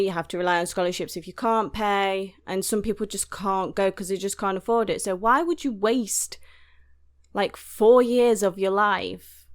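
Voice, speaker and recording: Sarcastic British woman ranting. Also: mid-range voice. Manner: frank, sarcastic ranting with many "like"s. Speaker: host reacting to a movie. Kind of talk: casual reaction commentary.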